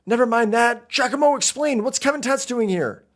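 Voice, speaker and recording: A man voicing a bratty, snippy young male gang boss from a game, speaking in a high, indignant voice. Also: normal speed. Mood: annoyed.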